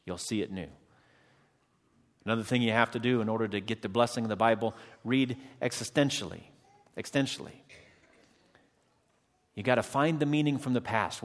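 A man preaching a sermon as pastor, addressing his congregation and calling out for amens. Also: medium pitch. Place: church sanctuary. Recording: long hall reverb.

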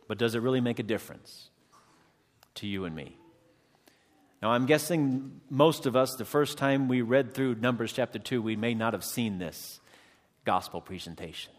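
A man's voice: mid-range voice, unhurried, long pauses. A man preaching a sermon as pastor, addressing his congregation and calling out for amens. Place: church sanctuary. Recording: long hall reverb.

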